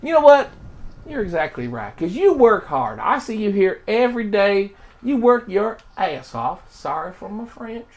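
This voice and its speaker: A man putting on a gushing, flattering schmoozer. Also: high-pitched, moderate pace, heavily acted. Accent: put-on unplaceable accent. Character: fawning smooth-talking middle-aged man. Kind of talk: improvised role-play.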